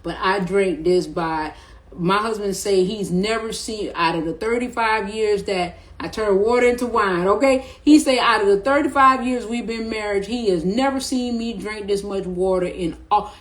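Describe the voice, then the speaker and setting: A middle-aged woman chats casually to camera about spiritual awareness, loose and slangy, rambling and often repeating herself. Her mid-range voice moves at a normal speed, and the recording is rough.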